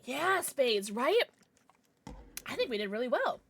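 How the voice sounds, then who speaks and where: A young woman streams a game and chats frankly with viewers in a casual livestream. Her high voice is sing-song, husky and a bit bright, a little slow, and her manner is blunt and irritable, with swearing.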